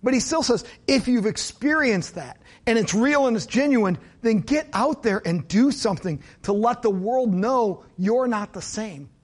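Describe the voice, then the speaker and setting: A pastor preaching in a high voice. He keeps it conversational, dropping in jokes and asides to his congregation. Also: animated, measured pace, few pauses. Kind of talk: sermon.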